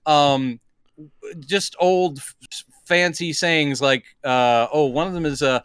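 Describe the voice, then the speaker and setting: A man's voice: a little high, takes it slowly, a bit bright, clean tone, no room sound, studio quality. A man co-hosting a podcast, chatting casually and rambling as he retells movie scenes. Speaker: podcast co-host. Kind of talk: casual movie review chat.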